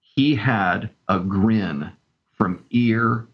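Deep-voiced enthusiastic man, muffled sound. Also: extremely slow. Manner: enthusiastic storyteller. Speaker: camp director guest. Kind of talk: casual interview talk.

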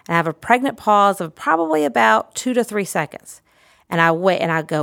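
A middle-aged woman, a pediatric therapist, giving an instructional talk in a lively, demonstrative, emphatic way. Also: medium pitch, brisk, creaky, no room sound, clean studio sound.

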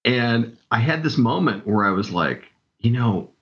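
A man's voice: mid-range voice, lively intonation, unhurried, muffled recording. A man telling stories with enthusiasm as a guest in a casual interview. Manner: enthusiastic storyteller. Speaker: camp director guest.

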